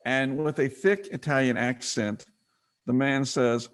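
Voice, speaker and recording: A middle-aged man presenting a business training webinar, teaching in a conversational way and retelling stories with quick acted quotes. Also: medium pitch, steady tone.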